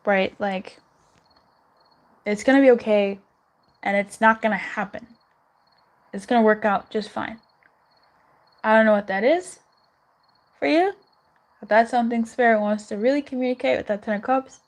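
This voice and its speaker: A woman's voice: on the high side, moderate pace, pauses often. A young woman doing a live tarot reading in a chatty, reassuring way, giggling and swearing now and then. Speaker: tarot reader.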